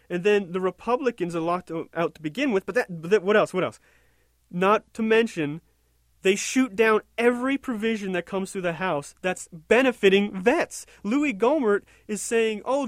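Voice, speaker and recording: Man, opinion rant, sarcastic, indignant, rambling, high voice, dry close sound. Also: normal speed, no echo. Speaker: political commentator.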